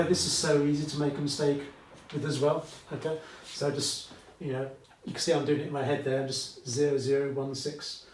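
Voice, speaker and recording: At a whiteboard in a classroom, a British man gives a maths lesson, chatting, wandering into asides and frequently asking "okay?". His somewhat high voice is a little mellow, over a faint hiss or hum, and the echoey recording places him at a distance.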